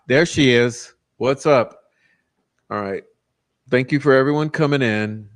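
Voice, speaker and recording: A man's voice: mid-range voice, unhurried, long pauses. A man hosting a casual livestream, ranting combatively and profanely, with frequent restarts. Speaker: livestream host.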